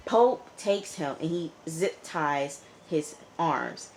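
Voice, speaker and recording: Speaking slowly in a low, expressive voice with slight background noise, a woman reviews a TV episode in a relaxed recap. She chats away with plenty of "like" and "you know," answering the characters as she retells what happened.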